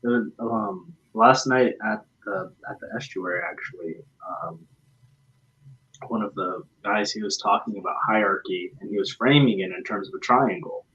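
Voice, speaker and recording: Low, gravelly man musing thoughtfully. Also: very animated, fairly bright tone, lo-fi sound. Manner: thoughtful, halting with "um". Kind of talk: casual discussion.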